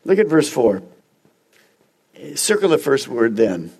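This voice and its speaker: A man's voice: mid-range voice, big pitch swings, takes it slowly, darkish tone, breathy edge. A man preaching a sermon as pastor, emphatic and speaking straight to the congregation with repeated phrases.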